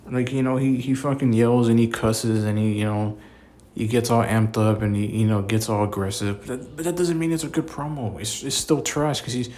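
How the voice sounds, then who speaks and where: A man's voice: medium pitch, a little mellow. A man delivering a casual, exasperated opinion rant as a commentator, full of filler words, restarts and cursing. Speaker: wrestling commentator.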